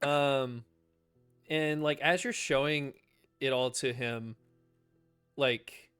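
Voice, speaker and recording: A relaxed man runs a tabletop game and takes his time with every line. His voice is smooth and clear, recorded close and dry. Soft music plays underneath. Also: medium pitch, no echo. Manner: slow, laid-back, laughs often. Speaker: game master. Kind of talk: casual game narration.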